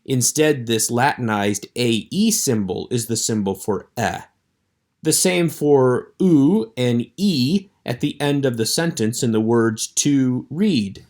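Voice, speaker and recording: A man teaching a recorded online lecture with a measured, explanatory delivery. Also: mid-range voice, animated, darkish tone.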